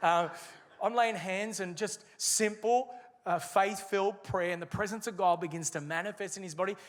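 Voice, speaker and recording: A man preaches with a high, bright-edged voice, leaning hard on key words and drawing phrases out for weight. He speaks as a pastor addressing a congregation in full sermon mode. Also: big-room sound. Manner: emphatic preaching with slowed, stressed phrases.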